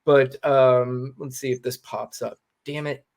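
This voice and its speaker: A man co-hosting a podcast, giving casual political commentary in an animated, emphatic way and swearing freely. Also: medium pitch, unhurried. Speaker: podcast co-host.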